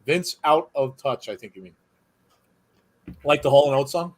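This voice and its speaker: A man's voice: medium pitch, a little slow. Chatty, joking male stream host. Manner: chatty, jokey, reads viewer comments aloud. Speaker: live watch-along host. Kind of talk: casual live commentary.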